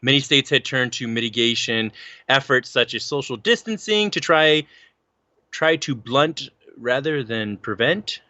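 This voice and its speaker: A man's voice: medium pitch, measured pace, no echo, lo-fi sound. A man co-hosting a casual podcast, chatting and reading articles aloud, tripping over words as he goes. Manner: animated, stumbles over words while reading. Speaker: podcast co-host.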